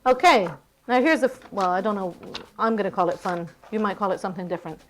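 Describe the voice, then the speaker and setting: A woman lecturing a university class in a lively, playful way, often checking in with the students. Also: medium pitch, fast.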